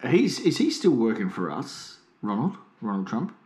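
A man co-hosts a comedy podcast, delivering absurd jokes in a deadpan way. His voice sits at a middle pitch. The room adds a noticeable echo. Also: normal speed. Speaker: podcast co-host. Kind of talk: casual comedic banter.

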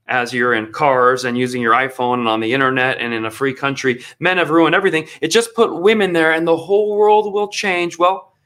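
A man's voice: on the high side, a bit bright. Sarcastic man ranting on a commentary show. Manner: sarcastic, mocking. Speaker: commentary host.

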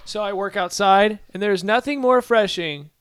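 A man's voice: high-pitched, normal speed, a bit bright, clean tone. A young man co-hosting a podcast, chatting casually and joking around with a friend. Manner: joking, banters and laughs a lot. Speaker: podcast co-host. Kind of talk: casual chat.

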